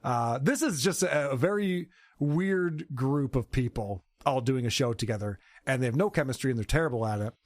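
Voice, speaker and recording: A man's voice: mid-range voice, moderate pace, dry recording. A man hosting a podcast, giving sarcastic commentary on clips and laughing often. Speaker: podcast host.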